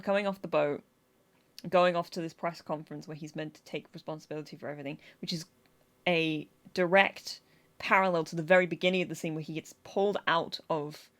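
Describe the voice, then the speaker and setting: A woman guest-hosting a podcast, chatting casually and acting out quotes with laughs. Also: fairly low pitch. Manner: animated, acts out quotes with laughs.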